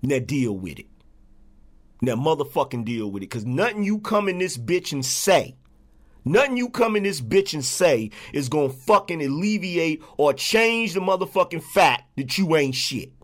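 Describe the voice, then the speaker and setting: Speaking at a moderate pace in a slightly high, sing-song voice, a man hosting a livestream lashes out at viewers. The angry rant is confrontational, repetitive, and laced with swearing.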